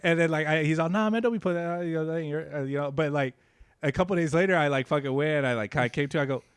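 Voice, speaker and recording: A young man, riffing on a comedy podcast. His delivery is loose and profane, and his pitch leaps up whenever a story gets going. The sound is dry and close on the mic. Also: steady tone, racing, clean tone, no echo. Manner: loose and profane, voice jumps high when storytelling. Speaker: podcast co-host. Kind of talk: casual comedy podcast chat.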